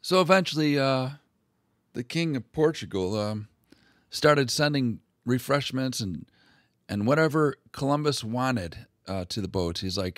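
A man's voice: mid-range voice, animated, no room sound. A man retells old historical accounts in a loose, profane and irreverent way, stopping and restarting as he goes. His voice sits in an ordinary middle male range. The recording is dry and close, with no room sound. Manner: irreverent, crude and halting. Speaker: history video host.

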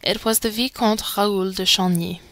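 A woman reads a classic novel aloud in a dramatic, expressive audiobook style. Her voice sits at a middle pitch and sounds close and dry. The pacing follows the story. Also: moderate pace, no room sound. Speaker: audiobook narrator. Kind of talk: scripted narration.

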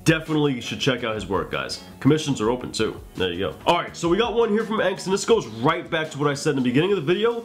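A man's voice: fairly high pitch, sing-song, fast, few pauses, faint music behind. A man giving casual art critiques and tutorial tips, chatty and joking, with profane asides.

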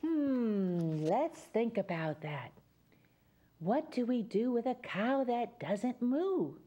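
Slow, sing-song woman reading to kids. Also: fairly high pitch, sing-song, dark tone, highs cut off. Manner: sing-song, coaxing children to join in; animal sounds and call-and-response. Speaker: children's storyteller host. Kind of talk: reading a picture book aloud to children.

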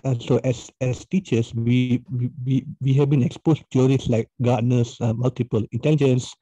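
Mellow guy hosting a podcast, lots of restarts, dull dry lo-fi sound. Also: mid-range voice, steady tone, moderate pace, husky, no room sound. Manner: hesitant, many restarts and fillers. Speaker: podcast host, math teacher. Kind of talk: casual interview chat.

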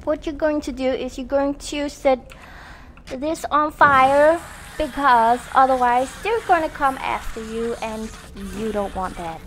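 A woman's voice: high-pitched, a little slow, fairly bright tone, a little hiss or hum. A young woman casually commenting on a horror video game she is playing, chatty and self-mocking, laughing often. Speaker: gaming channel host. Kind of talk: casual let's-play commentary.

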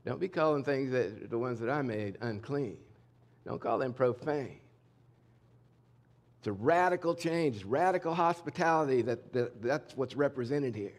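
Middle-aged male pastor, mid-pitched voice, conversational sermon delivery, candid and emphatic. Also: expressive, normal speed. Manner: conversational, candid preaching that swings between loud and hushed. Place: church sanctuary.

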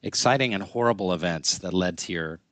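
A man with a lowish voice hosts a casual interview, gushing with praise for his guest. The sound is dry and close, with no room echo. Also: a little fast. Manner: effusive, warmly complimentary. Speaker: podcast host. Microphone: video call interview.

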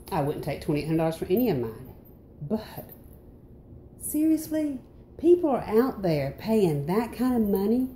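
A Southern-accented woman rants straight to her viewers in a casual vlog. Her pitch swings widely as she jumps into exclamations. Her tone stays mellow and a bit dark. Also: slight background noise. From North Carolina. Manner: animated, exclamatory, swings into high outbursts. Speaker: vlogger. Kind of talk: casual ranting monologue.

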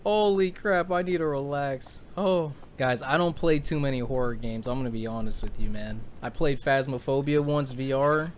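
A man's voice: medium pitch, normal speed, hardly any pauses, slight background noise. A young man giving jumpy, laughing, slang-filled commentary while playing a horror game. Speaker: gaming YouTuber.

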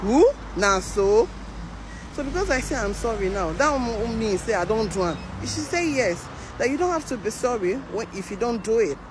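A Nigerian woman speaking Nigerian Pidgin, telling a story to camera in a lively way and acting out the voices of the people in it. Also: on the high side, moderate pace. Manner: animated, acts out the voices of others. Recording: outdoor traffic noise behind.

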